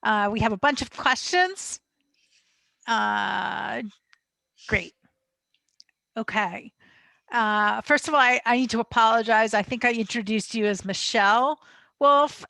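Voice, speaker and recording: A woman's voice: a little high, slow, vocal fry, long pauses, bright, forceful tone, no room sound. A woman hosting an online lecture, reading out audience questions in a friendly, casual way. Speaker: lecture host and moderator. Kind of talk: casual moderating.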